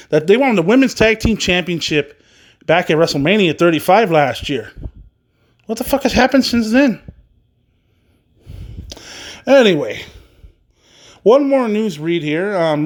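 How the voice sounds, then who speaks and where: Rambling podcast host, a man with a fairly high voice. He runs through the news in a loose, casual way, full of "um"s and the odd curse word. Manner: rambling, loose, swears casually, many fillers.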